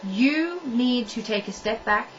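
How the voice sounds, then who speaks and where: A woman's voice: on the high side, lively intonation, slow pace, faint music behind. A young woman giving blunt relationship advice straight to camera, stressing her points by repeating them. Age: young adult. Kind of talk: direct-to-camera advice monologue. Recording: dull lo-fi audio from a distance with faint noise.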